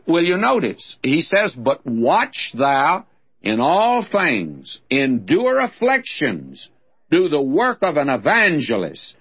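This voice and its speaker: An older man with a Southern US drawl preaches on radio in a folksy, plain-spoken way, his pitch swinging widely as he tells stories. His voice is a little husky. The old broadcast recording sounds dull and muffled. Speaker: radio Bible teacher. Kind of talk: radio sermon.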